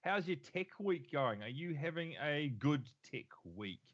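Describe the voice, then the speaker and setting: A man's voice: fairly high pitch, animated, measured pace, lo-fi sound. A man from the United States hosting a casual tech podcast, upbeat and joking with his co-host. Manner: upbeat, joking, friendly banter.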